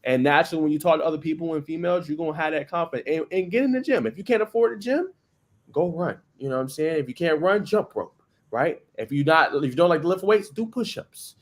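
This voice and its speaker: A man's voice: on the high side, lively intonation, quick pace. A man on a casual sports podcast, talking in a playful, conversational way and often saying "you know what I'm saying".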